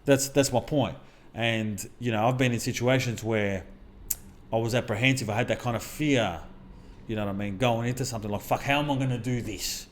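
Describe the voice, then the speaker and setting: A middle-aged man, a mindset coach who co-hosts a podcast, swaps stories from his life in casual chat, talking bluntly and cursing often. His mid-range voice is steady and brisk, with a little hiss or hum in the recording.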